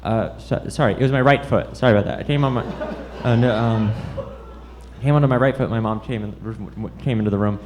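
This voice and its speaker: On a comedy club stage, a man does an awkward, self-deprecating set, tripping over his words on purpose. He talks fairly quickly in a voice on the low side, and the live recording is full of loud crowd noise.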